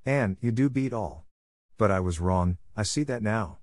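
A man voicing a stern, strict middle-aged farm woman in an audiobook, brisk and scolding. The recording is dry and close. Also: on the low side, a little mellow, dry recording, natural voice. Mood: firm. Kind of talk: audiobook character reading.

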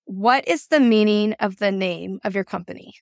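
A woman hosting a podcast, reading a measured introduction and then chatting with her guest. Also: mid-range voice, vocal fry, no echo, studio quality. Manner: reads a steady, measured introduction. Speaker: podcast host. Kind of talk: scripted introduction and casual interview.

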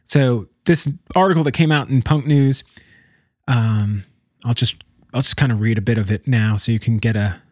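A man talking casually about someone he knows from the music scene, halting and repeating words as he goes. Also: medium pitch, a little mellow, dry recording, clean studio sound. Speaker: musician commenting on scene news. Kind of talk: casual spoken commentary.

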